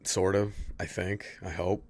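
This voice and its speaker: A man's voice: low voice, little pitch movement, measured pace, darkish tone. A man casually chatting to his viewers while playing a horror game, swearing freely and answering chat. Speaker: streamer. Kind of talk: casual gameplay commentary.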